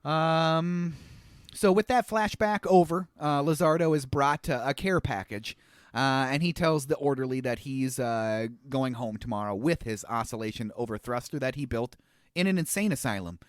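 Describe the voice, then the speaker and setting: A man's voice: mid-range voice, normal speed, dry recording, clean studio sound. A man in his thirties co-hosting a podcast, retelling a movie's plot in casual chat with frequent laughter and asides. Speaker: podcast co-host.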